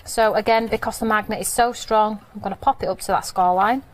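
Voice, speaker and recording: A woman's voice: mid-range voice, fairly even intonation, a little fast. A British woman running a live craft demonstration in a TV studio, chatting and joking as she talks through each step. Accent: British English.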